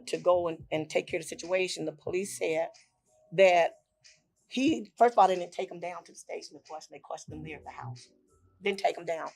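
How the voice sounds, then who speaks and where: An older woman on a talk show tells a personal story with deep emotion, acting out what others said and repeating phrases. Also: vocal fry, darkish tone.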